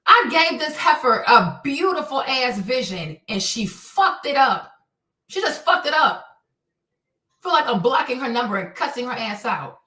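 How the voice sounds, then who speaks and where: On her livestream, a woman rants casually, cursing a lot and sounding fed up. Her fairly high voice has a sing-song, sharp quality at a measured pace, recorded from a distance in an echoey space, a little off-mic.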